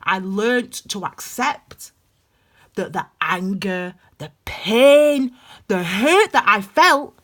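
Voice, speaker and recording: Fiery, bright-voiced woman tarot reader. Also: medium pitch, animated, takes it slowly. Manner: passionate and blunt, swings from loud emphasis to hushed intensity. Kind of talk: intuitive tarot reading, spiritual pep talk.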